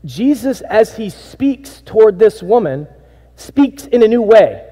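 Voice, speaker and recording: A male pastor preaching with a high, mellow voice that carries through a church sanctuary with long reverb. He moves from near-hushed lines into emphatic, animated bursts. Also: slow pace. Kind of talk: sermon.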